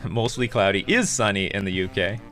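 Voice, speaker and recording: Chatty Canadian man, bright lowish voice. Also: fairly quick, soft background music. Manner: chatty, laughs often, swears casually. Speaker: streamer playing a card game. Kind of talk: casual gameplay commentary.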